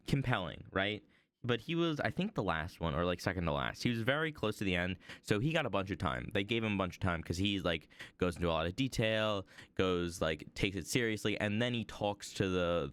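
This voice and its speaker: A young man rambles through a story in a casual stream, full of fillers and restarts. His voice is low and smooth, and the sound is close and dry. He talks while drawing. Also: fairly bright tone, dry recording.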